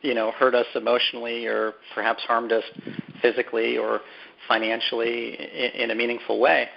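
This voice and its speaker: A man with a gravelly edge, mid pitch, talking things through slowly as an interview guest. He restarts phrases and repeats words while he thinks. The sound is dull and lo-fi. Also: flat delivery. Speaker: author and guest. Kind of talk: conversational interview.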